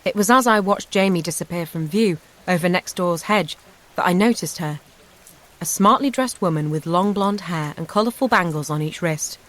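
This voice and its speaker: A woman narrating a first-person memoir audiobook in an even, measured storytelling manner. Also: fairly low pitch.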